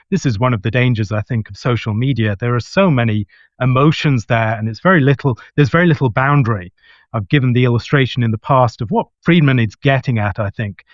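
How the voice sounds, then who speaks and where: A man's voice: mid-range voice, no echo. Articulate man on muffled remote audio. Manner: articulate, reflective, builds long arguments. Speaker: guest scholar. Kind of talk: discussion answer.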